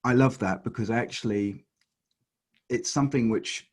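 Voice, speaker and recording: A man being interviewed as a life coach, speaking earnestly with halting restarts. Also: mid-range voice. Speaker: guest, life coach and author. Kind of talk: casual interview chat.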